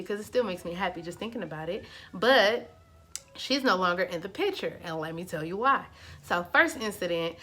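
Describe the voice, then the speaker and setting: A woman's voice: medium pitch, fairly bright tone. Chatty woman telling a storytime. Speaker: vlogger. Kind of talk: casual storytime.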